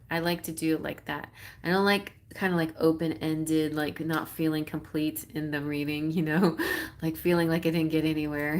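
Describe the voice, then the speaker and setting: A woman from Texas with a Texan accent, chatting in a relaxed way and laughing often as she reads tarot on a live stream. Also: deep voice. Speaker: tarot reader.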